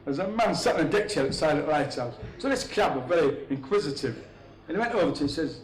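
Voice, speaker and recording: A man's voice: fairly high pitch, expressive, quick pace. A man telling rambling, crude jokes on stage, chuckling at his own punchlines. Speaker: stand-up comedian. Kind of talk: stand-up joke telling. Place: comedy venue with a live audience. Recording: echoey room, crowd laughter.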